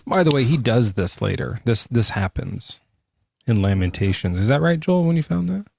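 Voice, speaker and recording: A man's voice: mid-range voice, lively intonation, normal speed, creaky, darkish tone, slight background noise. Crude, joking male podcast host. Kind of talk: casual live podcast chat.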